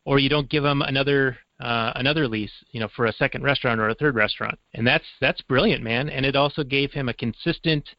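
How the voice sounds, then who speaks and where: A man's voice: mid-range voice, quick pace, hardly any pauses, dry recording. Male co-host, wry explainer, dry and slightly muffled recording. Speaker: podcast co-host. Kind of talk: casual movie discussion. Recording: dry, slightly dull lo-fi sound.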